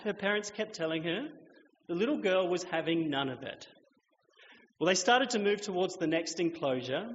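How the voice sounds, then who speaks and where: A man in his thirties, a pastor telling a lively story in his sermon and acting out children's voices, recorded in a church. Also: high voice. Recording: echoey hall, dull lo-fi sound.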